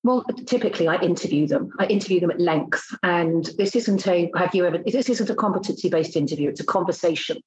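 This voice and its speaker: Blunt woman recruiter, lowish voice, dull lo-fi recording. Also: fast talker, hardly any pauses, darkish tone, a little hiss or hum. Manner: blunt, emphatic, acts out exchanges. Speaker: recruitment consultant. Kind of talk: casual interview talk.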